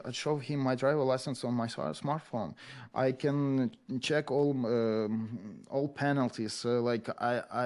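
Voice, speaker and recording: A man from Ukraine with a Ukrainian accent, speaking English as a second language, talking earnestly and haltingly with many fillers as an interview guest. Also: mid-range voice, a little mellow. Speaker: podcast guest, agriculture educator. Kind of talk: emotional interview talk.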